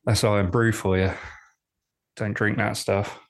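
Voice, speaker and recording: Brief: low gravelly male co-host, rambling and jokey. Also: level tone. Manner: rambling, repeats himself, quick to joke. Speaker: podcast co-host. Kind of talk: casual chat.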